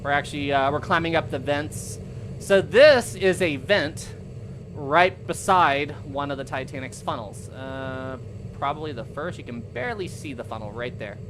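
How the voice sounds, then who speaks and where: A man's voice: a little high, expressive, normal speed, background noise. A man hosting a livestream, giving casual, rambling gameplay commentary with frequent laughter. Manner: laughing, rambling, chatty asides. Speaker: livestream host.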